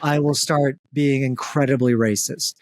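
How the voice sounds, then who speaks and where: A man's voice: mid-range voice, fairly even intonation, a little slow, darkish tone, no room sound. Joking Southern man, dry close sound. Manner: joking, self-deprecating, laughs often. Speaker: podcast co-host. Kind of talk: casual comedic chat.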